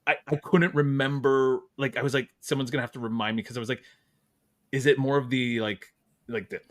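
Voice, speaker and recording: A man's voice: medium pitch, fairly even intonation, a little fast. A man hosting a podcast, chatting casually and joking about himself. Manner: joking, self-deprecating, swears. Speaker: podcast host. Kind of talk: casual chat.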